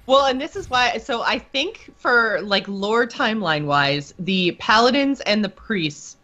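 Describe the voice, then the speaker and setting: A woman's voice: a little high, lively intonation, measured pace, pushed and bright. A woman co-hosting a podcast, chatting about a game in a giggly, talkative way full of likes and ums. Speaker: podcast co-host. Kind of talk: casual gaming chat. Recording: dull lo-fi sound.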